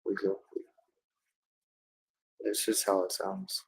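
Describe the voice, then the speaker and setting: A man's voice: low-pitched, level tone, slow pace, vocal fry, slight background noise. A man delivering a rambling monologue, insistent and repetitive, stretching out words for emphasis.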